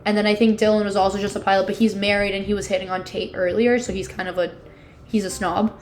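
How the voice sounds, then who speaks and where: A woman in her twenties co-hosting a podcast recaps a book in casual conversation, heavy on "like" and dramatic disgust. Her mid-range voice is a little mellow, delivered flatly at a quick pace, with a little hiss or hum audible.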